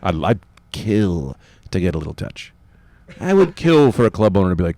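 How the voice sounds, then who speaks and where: A man's voice: low voice, sing-song, moderate pace, pauses often, dark tone, dry recording. A middle-aged man, a guest comedian in casual podcast chat, telling crude, riffing, joking stories.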